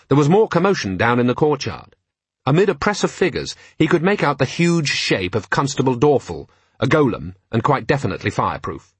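Man, audiobook narrator, husky voice, measured dry delivery, dead-dry close mic. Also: mid-range voice, no echo. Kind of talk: scripted narration.

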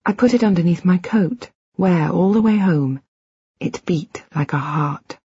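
A woman reading a first-person audiobook in a measured, reflective, quietly intimate way. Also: fairly low pitch, breathy edge, no room sound, lo-fi sound. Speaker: audiobook narrator.

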